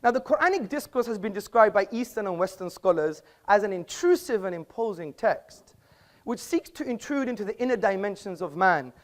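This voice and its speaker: A man's voice: high-pitched, lively intonation, fairly quick. A man giving a formal debate speech in an auditorium, lecturing and argumentative, with rhetorical questions.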